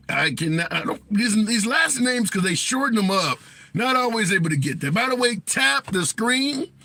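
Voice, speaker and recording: A man's voice: high voice, pushed and bright, no echo. A man hosting a political livestream, reading viewer comments aloud and taking callers in a chatty way. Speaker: livestream host.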